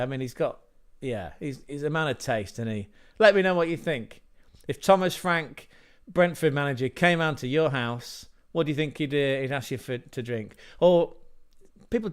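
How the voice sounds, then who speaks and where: A man hosting a casual livestream, chatting in a rambling way with joking asides and the odd swear word. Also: medium pitch. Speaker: livestream host.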